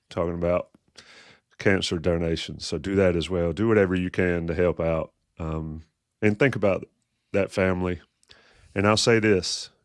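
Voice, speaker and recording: A man's voice: low-pitched, no echo, clean studio sound. A man hosting a college football talk show, speaking in a somber, hesitant way with frequent fillers. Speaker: podcast host.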